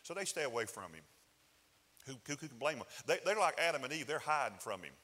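Preacher guy, folksy sermon talk, bright punchy voice, big hall echo. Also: medium pitch, very animated, quick pace. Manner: conversational, folksy preaching with rising emphatic bursts. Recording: hall reverb.

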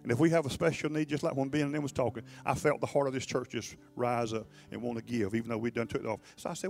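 Folksy preacher over soft guitar. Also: male voice, mid-range voice, a little fast. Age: middle-aged. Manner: folksy, repeats words, preaches then prays. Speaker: pastor. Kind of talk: sermon.

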